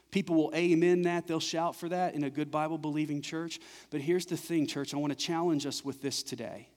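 A man's voice: a little high, a little mellow. Emphatic male pastor preaching in a reverberant church. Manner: preaching with rising, emphatic repetition. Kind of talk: sermon. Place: church sanctuary. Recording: church recording with long reverb.

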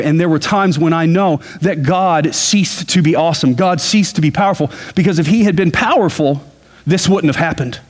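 A man's voice: a little high, moderate pace. A middle-aged man, a pastor, preaching a sermon in a conversational way, often repeating words and adding folksy asides. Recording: long hall reverb.

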